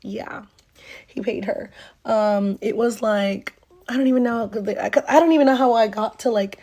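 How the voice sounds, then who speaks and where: A woman's voice: a little high, normal speed, dark tone. A young woman from North Carolina telling a casual storytime monologue, rambling through fillers and swearing as she acts out quoted lines.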